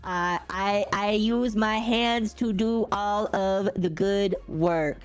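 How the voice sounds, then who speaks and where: A woman's voice: medium pitch, takes it slowly, smooth, faint music behind, lightly acted. A woman putting on a boastful, repetitive impression of a male politician. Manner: bragging, repetitive, self-praising.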